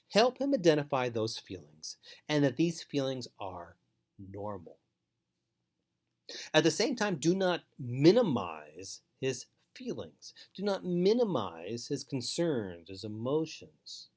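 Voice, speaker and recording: Male trainer, mid-pitched, measured and emphatic, repeats advice for parents. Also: very animated, a little mellow. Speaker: foster care trainer. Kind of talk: instructional talk to parents.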